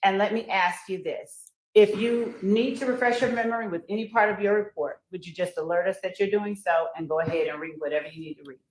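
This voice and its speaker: A woman's voice: mid-range voice, brisk, darkish tone. Woman attorney questioning in an echoey courtroom. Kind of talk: courtroom examination.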